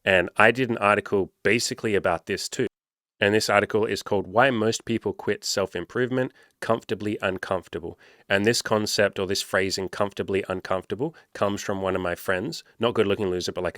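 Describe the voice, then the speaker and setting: A man's voice: fairly low pitch, a bit bright, no room sound, studio quality. A young man talking casually on a podcast, reading an article aloud and commenting on it in an emphatic, profane way, sometimes acting out what he would say. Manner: emphatic, profane, puts on voices when quoting himself. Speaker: podcast host and dating coach.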